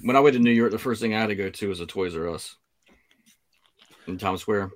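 A man in casual podcast chat, relaxed, telling short stories and laughing along often. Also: lowish voice, brisk. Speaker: podcast co-host.

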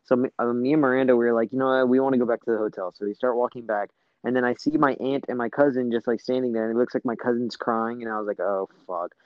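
A man's voice: mid-range voice, level tone, racing, no room sound, dull audio. A young man telling a long story in casual chat, rambling with lots of fillers and swearing.

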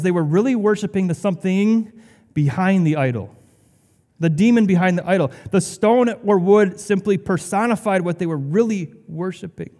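A man's voice: high voice, darkish tone, long reverb tail. A male pastor delivering a sermon in a conversational way, with sarcastic asides.

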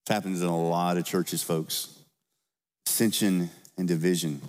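A man's voice: deep voice, steady tone, normal speed, a little mellow. A man preaching a sermon as pastor, in a conversational style, often asking the congregation questions and adding "right?". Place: church sanctuary. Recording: long church reverb.

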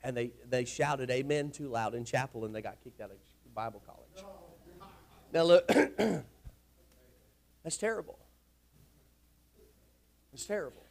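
A man preaching a sermon to his congregation in a church, with a folksy, rousing manner that often rises to shouting. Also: medium pitch, expressive, unhurried, vocal fry, long pauses. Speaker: pastor. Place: church sanctuary.

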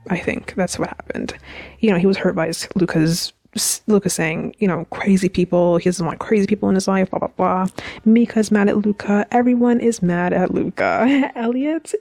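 A woman's voice: medium pitch, moderate pace, a little mellow, no echo. A young woman hosting a review podcast, recapping a TV episode in a chatty, emotional way with frequent restarts and self-corrections. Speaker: podcast host reviewing a TV series.

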